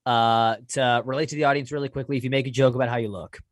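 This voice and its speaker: A man's voice: medium pitch, fairly even intonation, fast talker, no echo, clean studio sound. A young man, a comedian co-hosting a podcast, talking through his jokes casually and hesitantly with many restarts. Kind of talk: casual chat about jokes.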